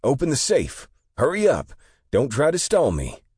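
A man voicing a nervous young male robber who shouts his demands. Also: medium pitch, huge pitch swings, normal speed, breathy edge, dry recording, clean studio sound, pitched above the performer's own voice, full character voice. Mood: frantic shouting.

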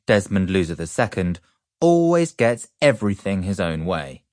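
A man reads a children's story in a playful, lively voice. His voice is low but bounces all over. The recording is dry and close. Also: normal speed, no echo. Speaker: audiobook reader. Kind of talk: animated children's book narration.

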